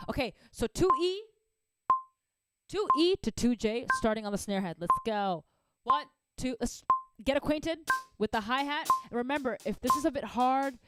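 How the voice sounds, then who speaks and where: Cheerful drum teacher lady, kinda high voice, counting beats, drums blasting behind her. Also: normal speed, over loud music. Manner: upbeat, encouraging, counts out loud. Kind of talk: live online drum lesson. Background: drumming.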